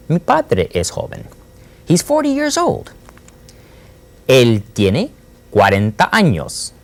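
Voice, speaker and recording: A man teaching a Spanish lesson, repeating phrases slowly and prompting with little "Hmm?" checks. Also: deep voice. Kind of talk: classroom language lesson.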